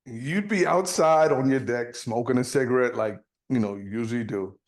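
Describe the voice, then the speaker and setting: A man's voice: mid-range voice, moderate pace. A man co-hosting a podcast in casual chat, rambling and profane, often repeating words. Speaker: podcast co-host.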